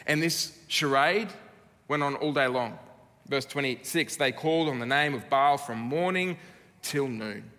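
Australian pastor, earnest emphatic sermon delivery, long church-hall reverb. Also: male voice, mid-range voice, sharp tone. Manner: earnest, emphatic preaching with dramatic pauses.

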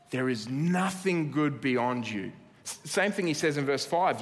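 A man's voice: medium pitch, expressive, normal speed. A man preaching a sermon in an earnest way, building emphasis through repeated phrases. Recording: long hall reverb.

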